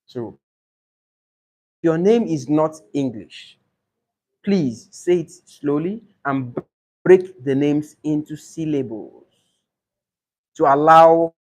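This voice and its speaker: A man teaching exam preparation for English speaking tests, explaining slowly and repeating model answers aloud. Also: a little high, darkish tone. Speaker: IELTS tutor.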